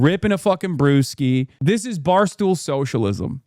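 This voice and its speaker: A man's voice: on the high side, animated, moderate pace, hardly any pauses, darkish tone, no echo, clean studio sound. Sarcastic, profane streamer man, raised voice. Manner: sarcastic, profane, riffing and repeating phrases for effect. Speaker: streamer host reacting to clips. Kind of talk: casual live-stream commentary.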